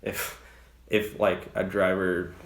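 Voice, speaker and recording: This rideshare driver and channel host is a young man offering laid-back tips on driving, rambling with plenty of fillers and false starts. He speaks slowly in a deep, creaky voice with a level tone, recorded in an echoey room.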